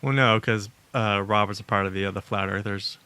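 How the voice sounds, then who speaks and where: A man throws quick wisecracks into a casual podcast chat. He talks fast in a low but bright voice, recorded dry. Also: fairly even intonation, smooth, no echo. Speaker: podcast co-host.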